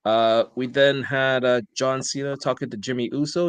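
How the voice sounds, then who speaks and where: A man's voice: medium pitch, steady tone, moderate pace, few pauses, smooth, no room sound. A man co-hosting a podcast, telling a casual storytelling recap of a wrestling show. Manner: storytelling recap, reads quoted lines aloud. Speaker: podcast co-host.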